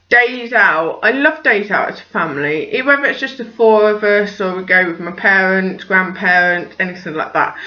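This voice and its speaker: Chatty mum vlogging, bright voice. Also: female voice, mid-range voice, lo-fi sound. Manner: chatty and rambling, full of "like" and "just". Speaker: parenting vlogger. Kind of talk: casual vlog chat.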